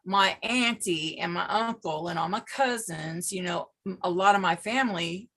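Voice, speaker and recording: An older woman with an Okie-tinged Californian accent tells stories in a chatty way, full of asides. Her voice is bright and forward. She is talking over a video call. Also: fairly low pitch, normal speed. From Northern California. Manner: chatty storyteller, lively asides. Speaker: guest. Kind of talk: casual video call chat.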